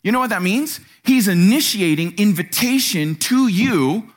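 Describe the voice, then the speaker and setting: A man preaching a sermon in a church, animated and acting out quotes. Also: measured pace. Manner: animated, acts out quotes with sudden pitch jumps. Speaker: pastor.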